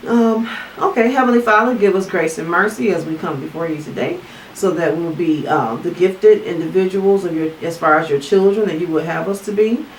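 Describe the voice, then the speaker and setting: A woman co-hosting a mukbang, chatting casually and leading a spoken grace in a relaxed, plain-spoken manner. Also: on the low side, brisk. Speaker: mukbang co-host. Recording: roomy, distant mic with faint noise.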